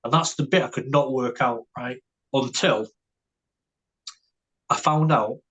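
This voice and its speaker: Husky man telling a story. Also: mid-range voice, a little slow, fairly bright tone. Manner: stammers and restarts, tags lines with "right?" and "mate". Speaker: podcast guest. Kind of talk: casual storytelling.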